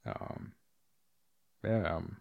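A middle-aged man at home telling a story in a casual monologue, animated, swearing and acting out other people's lines. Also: extremely slow, narrow, tinny audio.

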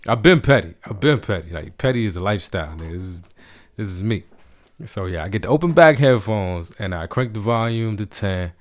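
A man from Washington, D.C. telling a story in casual, laid-back chat, profane and animated. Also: fairly low pitch, fairly quick.

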